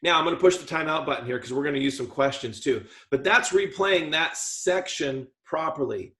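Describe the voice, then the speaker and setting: Guy coaching a dental team, bit high voice, jokey and animated, roomy echo all over. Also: moderate pace. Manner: lively, jokey, acts out patient talk. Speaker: practice coach. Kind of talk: team training talk. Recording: echoey room.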